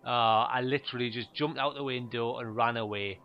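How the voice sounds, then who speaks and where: A man telling stand-up stories in a deadpan, rambling way, full of fillers. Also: mid-range voice, a little fast, dull audio. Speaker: stand-up comedian. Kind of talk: stand-up monologue.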